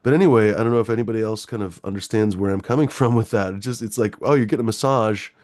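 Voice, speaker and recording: Middle-aged male call-in host, low voice, dry close sound, swearing, rambling, sarcastic. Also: fast talker, a little mellow, no echo. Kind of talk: casual political rant.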